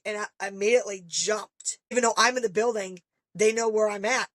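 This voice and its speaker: Middle-aged woman, fairly high voice, dry close sound, lively parent storyteller who acts out quotes. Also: fast, no echo. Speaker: guest parent. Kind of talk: casual podcast conversation.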